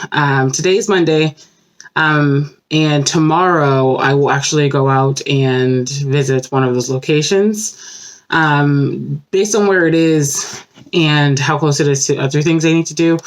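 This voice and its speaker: A woman vlogging her day in a relaxed, chatty way, with many fillers. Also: sits low. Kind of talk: casual day-in-the-life vlog. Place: home office indoors.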